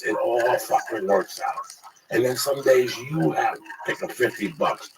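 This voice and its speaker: A man's voice: mid-range voice, far from the mic. A man in casual profane chat, telling blunt stories with acted quotes about hustling. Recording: noisy recording.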